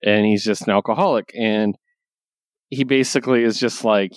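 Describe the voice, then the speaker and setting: Low-voiced man retelling comic stories. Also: normal speed, no room sound, clean studio sound. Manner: relaxed storytelling, laughing while retelling scenes. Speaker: comic book podcast co-host. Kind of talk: casual chat.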